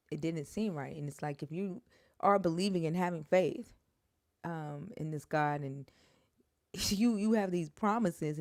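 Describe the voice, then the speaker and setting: A woman with a low voice speaks earnestly in a casual chat, cursing when upset and leaping sharply upward when feelings rise. The sound is dry and close. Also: a little mellow, no echo.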